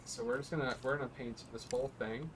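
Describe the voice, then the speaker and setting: A man's voice: medium pitch, fairly even intonation, quick pace, background noise. A man hosting a let's play with casual gameplay commentary, rambling and joking at his own expense. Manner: joking, rambling and self-mocking.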